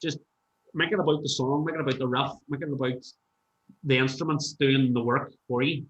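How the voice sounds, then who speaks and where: A man's voice: medium pitch, fairly even intonation, fairly quick, fairly bright tone. A man, a musician guest chatting casually and telling stories animatedly, swearing freely. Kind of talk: casual podcast chat. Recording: roomy, dull-sounding room.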